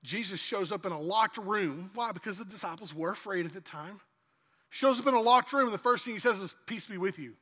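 A man preaching a sermon as pastor, animated and acting out dialogue in lively asides, in a church hall. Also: high-pitched, brisk.

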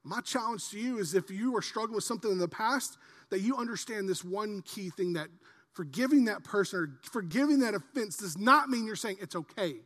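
A man preaches to his congregation in a high, ringing voice. He drops into soft, earnest asides, then climbs to loud, impassioned peaks. His words hang in the long reverb of a big church hall. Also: lively intonation, a little fast. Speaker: pastor. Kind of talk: sermon.

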